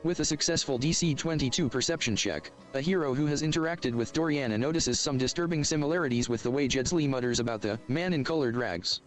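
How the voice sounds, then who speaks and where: A man reading tabletop adventure text aloud at a steady, even pace. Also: mid-range voice, fast, few pauses, soft background music.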